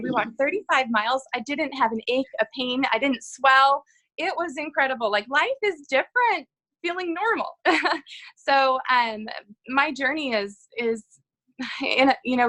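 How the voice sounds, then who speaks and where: A woman in her thirties telling her own story in a casual interview, earnest and halting, with frequent ums and restarts. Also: high voice, bright, forceful tone, poor audio. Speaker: guest sharing her health story.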